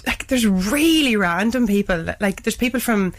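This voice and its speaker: A young Irish woman chatting casually on a podcast as a guest, lively and often laughing as she tells stories. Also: mid-range voice, moderate pace. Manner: chatty, laughing, acts out quoted voices. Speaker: guest lip-sync creator.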